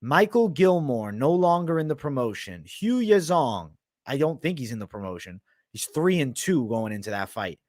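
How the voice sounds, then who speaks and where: A brash young man with a mixed Boston and New York sounding accent, working through fight picks and betting lines on a live stream. He swears freely, riffs off the chat and keeps the energy up. His voice sits at an ordinary pitch and is recorded close and dry, with almost no room sound. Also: sing-song, moderate pace, darkish tone, no echo. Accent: mix of Boston, Canadian and Italian, often heard as New York. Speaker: host of a live MMA betting and predictions show. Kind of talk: live-stream commentary, casual and profane.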